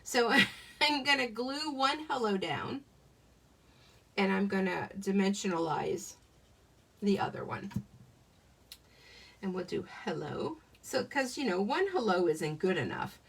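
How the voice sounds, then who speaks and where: Lively chatty middle-aged woman, mic set back. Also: medium pitch, measured pace, vocal fry, pauses often, slightly rough. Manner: chatty and self-joking, laughs often. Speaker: craft demonstrator. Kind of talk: live-streamed card-making demo. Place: home craft desk. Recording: voice a bit far from the mic.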